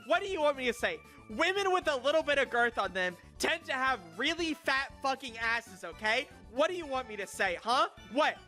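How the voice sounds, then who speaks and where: A man's voice: very high voice, expressive, moderate pace, hardly any pauses, pushed and bright, faint music behind. A young man streaming in a casual chat. He rambles, stammers and swears crudely, now and then bursting into mock outrage. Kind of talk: casual stream chat, reviewing viewer picks.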